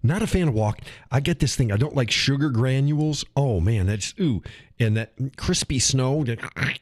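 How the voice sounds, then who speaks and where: A man's voice: mid-range voice, expressive, normal speed, a little mellow, husky, no echo, clean studio sound. A middle-aged man hosting a live stream, chatting casually on his own, rambling and repeating himself, often chuckling as he talks. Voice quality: chuckles often while talking. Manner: rambling, restarts and repeats phrases. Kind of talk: casual solo chat.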